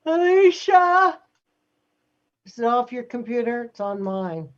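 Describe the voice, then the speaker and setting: A woman's voice: on the high side, normal speed. Woman coaching over a muffled call. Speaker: acting teacher. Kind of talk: coaching an online class. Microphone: video call. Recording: muffled video call audio.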